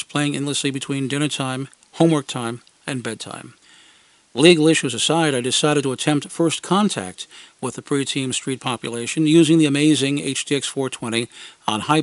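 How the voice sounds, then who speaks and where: For an amateur radio program, a male segment commentator reads his own wry, scripted first-person story. He speaks at medium pitch with dry humor, voicing the quotes, in a dry recording.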